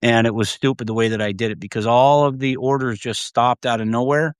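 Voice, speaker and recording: A man's voice: mid-range voice, steady tone, brisk, clear, resonant tone, no echo, clean studio sound. A man hosting a livestream, talking in a casual, rambling way, swearing freely and laughing often. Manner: profane, laughs often, trails off and restarts. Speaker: livestream host.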